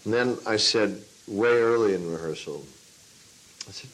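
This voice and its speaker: Lively male director telling stories. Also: on the low side, measured pace, low-quality recording. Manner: lively storyteller, acts out his own past lines. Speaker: film and stage director; teacher of a class. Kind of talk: interview answer, telling a story.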